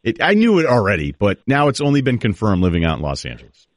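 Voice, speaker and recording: A man's voice: lowish voice, huge pitch swings, fast talker, no echo. A man hosting a talk show, chatting loosely and joking with his guest. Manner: easygoing, joking, trails off and restarts. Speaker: host. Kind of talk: casual chat.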